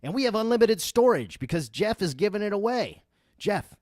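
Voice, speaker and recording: A man hosting a livestream podcast, ranting in a heated, profane way that sounds like yelling. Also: sits high, big pitch swings, normal speed, no room sound, clean studio sound. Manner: profane, emphatic. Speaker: podcast host. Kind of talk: livestream rant.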